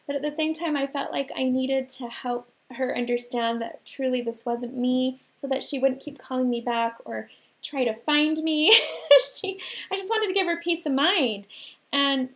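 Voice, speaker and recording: A woman in her thirties hosting a livestream from home, telling a personal story in an animated way and laughing often. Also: sits high. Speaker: host.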